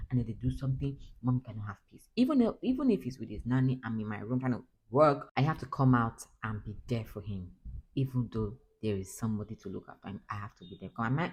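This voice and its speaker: Young Nigerian woman, low husky voice, chatty vlogging mom who mixes in pidgin. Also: darkish tone, rough recording. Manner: chatty, laughing, switches into pidgin. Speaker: mother vlogger. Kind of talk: casual chat to camera.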